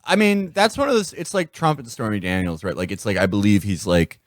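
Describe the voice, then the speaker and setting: Animated male podcast co-host whose pitch leaps up and down as he riffs and cracks jokes. He talks loosely with frequent restarts. The mic is close and the sound is dry, with no room around him. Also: brisk, no room sound. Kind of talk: casual comedic chat.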